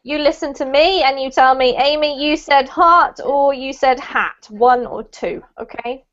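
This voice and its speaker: High-voiced woman teaching pronunciation. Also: fairly bright tone. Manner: patient, encouraging, explains slowly with emphasis. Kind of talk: online class drills. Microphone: video call. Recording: dull lo-fi video call audio.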